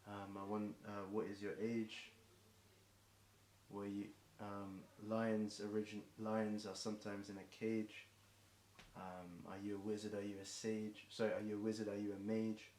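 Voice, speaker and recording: A young English man improvising a rambling rhyming freestyle, voice getting hoarse, filling gaps with ums and self-corrections. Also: on the low side, monotone, a little slow, a little mellow. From England. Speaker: streamer performing a marathon song. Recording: echoey room with faint background noise.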